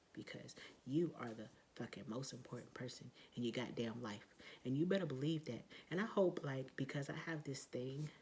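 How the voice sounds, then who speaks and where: A woman's voice: extremely low pitch, a little mellow, a little hiss or hum, poor audio. A woman giving a blunt, heavily profane motivational pep talk in a casual vlog. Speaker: vlogger.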